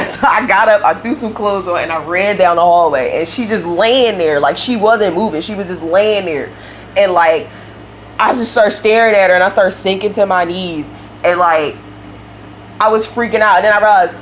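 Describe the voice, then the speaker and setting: Low-voiced young woman rambling while gaming. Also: fairly quick, slight background noise. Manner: rambling storyteller, many fillers and laughs. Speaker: game streamer building a house. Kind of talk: casual chat while playing.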